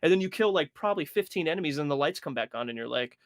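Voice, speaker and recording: A man's voice: on the high side, animated, rapid-fire, dry recording, studio quality. A young man co-hosting a podcast, telling stories with lots of swearing and acting out his own reactions. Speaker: podcast co-host. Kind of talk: casual chat.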